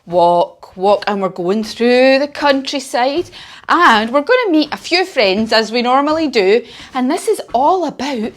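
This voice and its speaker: A woman leading a children's yoga lesson told as a story, with upbeat, encouraging and playful instructions. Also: a little high.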